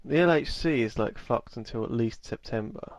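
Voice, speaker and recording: A man co-hosting a podcast, chatting casually, excitable and swearing often. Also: mid-range voice, normal speed, no echo. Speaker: podcast co-host. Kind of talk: casual chat.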